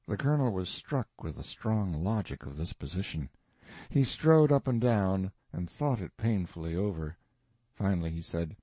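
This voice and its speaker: Husky male audiobook narrator. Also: low-pitched, lively intonation, moderate pace, warm tone, no room sound. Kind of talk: scripted narration of a classic novel.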